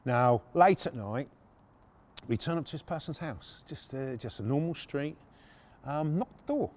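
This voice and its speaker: A brash man tells a story on his podcast, cursing freely. His voice sits a little high and moves a lot in pitch. He sounds animated throughout. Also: measured pace. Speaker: podcast host.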